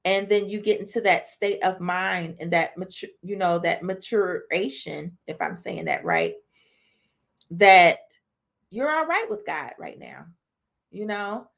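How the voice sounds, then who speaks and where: A woman's voice: on the low side, sing-song, measured pace. A woman hosting a podcast who gives a casual devotional talk to women. She speaks earnestly and conversationally, and often ends sentences with "right?" and "you know?". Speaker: podcast host.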